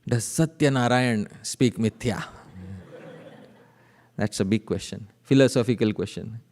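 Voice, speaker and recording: A man speaking at a measured pace in a medium-pitched, somewhat mellow voice delivers a devotional sermon in an echoing temple hall. He chants verses, tells stories and asks his listeners rhetorical questions.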